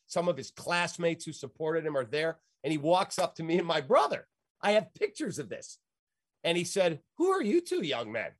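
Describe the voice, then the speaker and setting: A man's voice: a little high, expressive, normal speed, dry recording, studio quality. A middle-aged man, a sports radio host, telling stories in an emphatic, rambling, folksy way. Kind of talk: animated storytelling in an interview.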